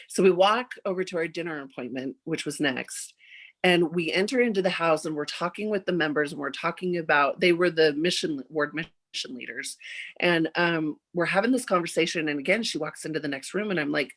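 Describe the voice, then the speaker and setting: A woman in her forties tells a story on a podcast with a lively, animated delivery. Her voice sits a little low, and she leaps upward when she acts out what others said. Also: a little fast. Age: 40s. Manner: animated, acts out quoted dialogue with big jumps in pitch. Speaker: podcast guest. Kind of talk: casual storytelling.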